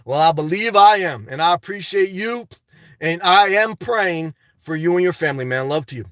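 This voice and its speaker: A man's voice: high-pitched, lively intonation, moderate pace, fairly bright tone, no room sound, recorded from a distance. A man hosting a livestream, reading the live chat in a chatty way and often tagging on "okay". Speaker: livestream host. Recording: dry sound, voice away from mic.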